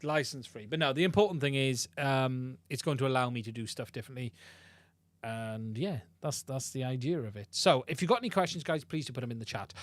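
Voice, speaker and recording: Here the livestream host speaks in a mid-range voice with no room sound at all, recorded on a studio mic fed into a podcast mixer. He keeps things casual and talkative, putting himself down and repeating his points often.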